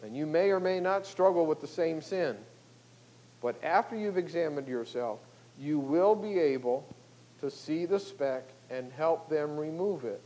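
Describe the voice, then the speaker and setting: An older male pastor delivers a sermon in a relaxed, conversational way, checking in with his listeners as he goes. His voice sits fairly high for a man. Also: measured pace, rough recording. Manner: conversational, folksy, with frequent "okay?" and "you know".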